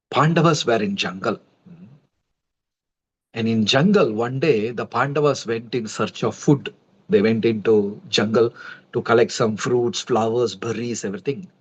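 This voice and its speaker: A man, a preacher telling a devotional story in a conversational, animated way and speaking to his viewers. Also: mid-range voice, breathy edge. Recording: dull lo-fi livestream audio.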